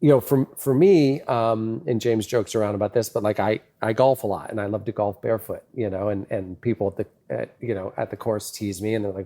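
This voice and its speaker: A man's voice: fairly low pitch, brisk, warm tone. A man from the American Midwest, a podcast guest, talking reflectively with many fillers and acting out quoted lines in a raised voice. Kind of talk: casual interview talk.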